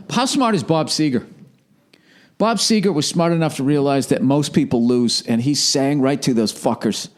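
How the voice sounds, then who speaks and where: A man's voice: on the high side, moderate pace. A middle-aged man hosting a podcast, rambling through a profane comedic monologue and slipping into mock voices. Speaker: podcast host.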